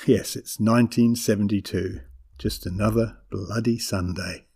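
A middle-aged man reading a memoir as a scripted narration, with measured, dramatic storytelling. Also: lowish voice, steady tone, warm tone, husky.

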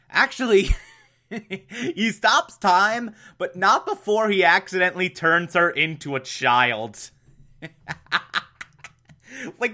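A man's voice: a little high, sharp tone. A man hosting a podcast, recapping an episode in a casual, chatty way, laughing often and adding mocking asides. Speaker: podcast host.

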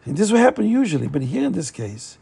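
A man narrates a story in a loose, chatty way, with frequent fillers and restarts. His voice is gravelly and husky, pitched slightly high but dark and mellow in tone. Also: sing-song, fast. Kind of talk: casual oral storytelling.

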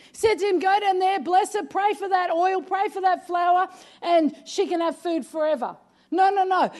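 Woman pastor, very high voice, emphatic sermon delivery, repeats "come on". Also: darkish tone. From Australia. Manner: emphatic, repeats "come on", often raises her voice.

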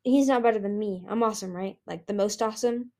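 A woman's voice: mid-range voice, quick pace, a little mellow, close to an everyday voice. A woman voicing a cocky, cheerful male desert dragon with a teasing, boastful manner.

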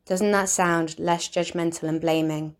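A woman giving a calm, measured instructional narration, explaining ideas step by step. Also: lowish voice.

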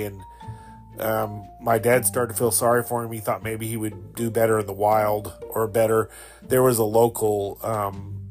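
A man in his fifties, a podcast host, telling rambling, sentimental stories about a childhood pet. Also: on the low side. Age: 50s. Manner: rambling, sentimental, with fillers and laughs. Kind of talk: casual storytelling monologue.

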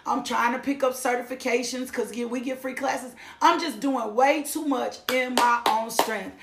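High-voiced woman giving testimony. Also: fairly bright tone. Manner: emphatic, repeats phrases for effect. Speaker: testimony speaker. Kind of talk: church testimony. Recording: echoey room.

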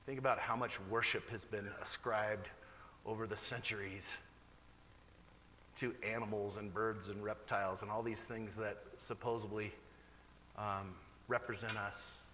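Animated pastor preaching in a reverberant hall. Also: male voice, normal speed, slight background noise. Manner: candid, animated preaching with sudden rises in pitch. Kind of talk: sermon.

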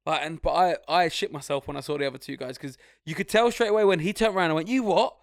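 A man's voice: a little high, animated, rapid-fire, no echo, clean studio sound. A young man, co-hosting a podcast and telling stories in casual, sweary chat, acting out the other people. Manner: swearing storyteller, acts out voices. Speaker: podcast co-host.

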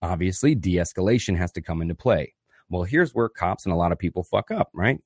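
Male podcast host, low husky voice, very lively pitch, dry close mic. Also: no room sound. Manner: animated and profane, acts out quoted voices. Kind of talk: casual solo podcast monologue.

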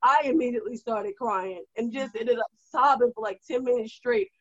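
A woman co-hosting a casual chat, animated and rousing as she urges listeners on. Her voice sits fairly high. The recording is dull and lo-fi with a dry, close sound. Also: moderate pace, no echo. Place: at a desk indoors.

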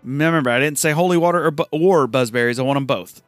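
A man's voice: fairly high pitch, quick pace, no echo, soft background music, lightly acted. A man voicing a pushy, rude young girl with a dog in a game, in a put-on Cockney accent. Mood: brash.

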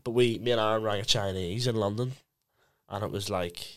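A man's voice: on the low side, a little fast. A man co-hosting a podcast, chatting in a laid-back, joking way that often trails off. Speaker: podcast co-host. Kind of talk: casual podcast chat.

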